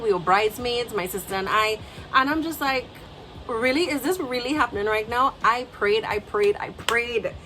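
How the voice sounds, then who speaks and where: A young Trinidadian woman vlogger telling a storytime, animated and emotional, acting out what people said to her. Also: lowish voice, slight background noise, low-quality recording. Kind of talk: storytime vlog.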